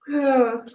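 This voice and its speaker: This young woman's voice sits high, with slight background noise and a roomy echo in the recording. A native English speaker and the channel host, she runs a casual livestream chat, often laughing and performing her own anecdotes.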